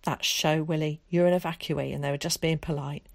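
A woman's voice: low-pitched, fairly even intonation, fairly quick, vocal fry, no room sound, clean studio sound. Woman playing a stern, pious, suspicious mother. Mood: scolding. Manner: clipped, reproachful, preachy.

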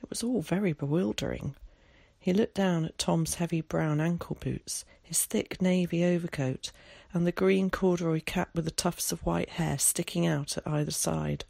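A narrator reading a novel aloud in a measured storytelling manner. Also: mid-range voice, vocal fry, darkish tone, no echo, studio quality. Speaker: audiobook narrator. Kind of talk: scripted narration.

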